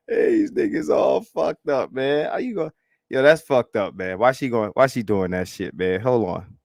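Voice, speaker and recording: A man hosting a live stream, reacting to clips in a profane, animated, repetitive way and laughing often. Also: medium pitch, takes it slowly, pauses often, no room sound, studio quality. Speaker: livestream host.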